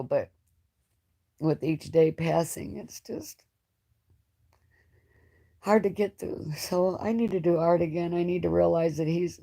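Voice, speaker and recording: A woman with a low voice talks in an emotional, halting ramble, often restarting her sentences. She is hosting a live-stream chat with a guest. Her tone stays raw and unpolished throughout. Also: gravelly, mellow. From United States. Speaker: channel host.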